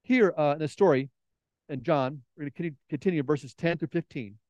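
In a muffled recording without echo, a middle-aged pastor speaks fast in a fairly high pitch. His sermon is full of stories, and he performs each character's voice with animated flair.

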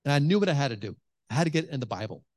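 A man preaching a sermon to a congregation, telling stories in an animated way with many restarts. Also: mid-range voice, rapid-fire, dry recording. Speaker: pastor. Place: church hall with congregation.

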